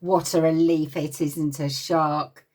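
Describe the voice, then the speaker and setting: A woman's voice: low-pitched, distant mic. A woman reading a picture book aloud to small children at playgroup, with an English accent, stopping often to chat and get them to join in. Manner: lively, expressive, pauses to talk to the children. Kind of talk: read-aloud storytime for young children.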